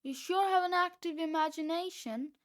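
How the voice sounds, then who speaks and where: Storybook kid giving orders, high and urgent, voiced by a woman. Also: normal speed. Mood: wondering. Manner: yelling, urgent. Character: bossy quick-thinking young boy, excitable.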